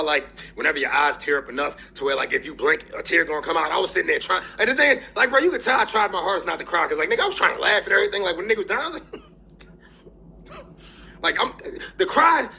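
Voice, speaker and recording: Young guy vlogging a movie review, high bright voice bouncing all over, laughing and swearing, choked up. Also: gravelly, husky. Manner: excitable, profane storytelling with lots of laughing. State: tearful, fighting back crying. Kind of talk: casual movie review vlog.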